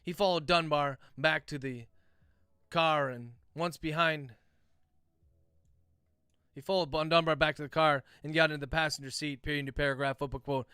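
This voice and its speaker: Bright, crisp-voiced man dictating a novel. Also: mid-range voice, normal speed, no echo, clean studio sound. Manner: dictates prose aloud, speaking punctuation marks; relaxed, chatty asides to viewers. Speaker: author.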